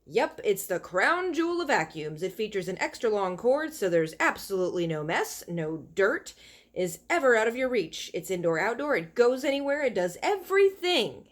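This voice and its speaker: A woman's voice: normal speed, natural voice. A woman voicing an eager, cheerful husband who proudly gives his wife a vacuum cleaner, read aloud from a storybook. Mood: excited. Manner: excited sales-pitch delivery.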